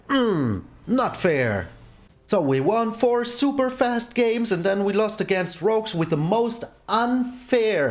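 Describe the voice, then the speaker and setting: A man runs his own gaming channel, offering casual commentary on his play in a high-sitting voice. He exclaims in exasperation whenever bad luck strikes.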